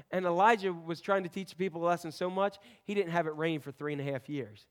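A man with a high voice preaches a conversational sermon as pastor. He mixes folksy asides into his teaching. His delivery swings between loud emphasis and quiet asides. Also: fast talker, few pauses.

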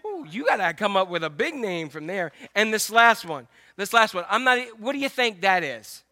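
A man's voice: high-pitched, big pitch swings, moderate pace, sharp tone. An older man preaching a sermon, joking and putting questions straight to his congregation. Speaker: pastor.

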